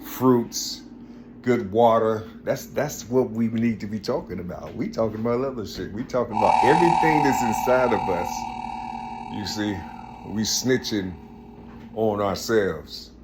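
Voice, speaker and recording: A man's voice: fairly low pitch, measured pace, background noise. A man giving a rambling, preachy spiritual monologue in his home kitchen, repeating himself and growing fervent. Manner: repetitive, preachy, keeps saying "you see"; grows louder and more fervent. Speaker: vlogger. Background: loud music.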